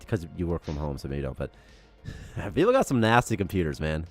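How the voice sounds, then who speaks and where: A man co-hosting a game development livestream in casual chat, excitable and rambling, getting heated about topics as he talks. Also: low-pitched, a little fast, soft background music. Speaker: co-host, game programmer.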